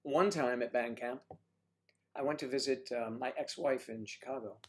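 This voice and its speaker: A man's voice: mid-range voice, fairly even intonation, moderate pace. A man hosting a casual livestream, reading out viewer comments and chatting, teasing and calling people honey and sweetie. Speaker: livestream host reading chat.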